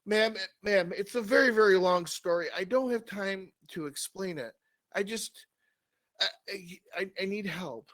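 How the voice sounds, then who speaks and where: A man's voice: high voice, measured pace, fairly bright tone, voice pushed up. A man voicing a panicky young man who stammers and swears frantically. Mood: pleading.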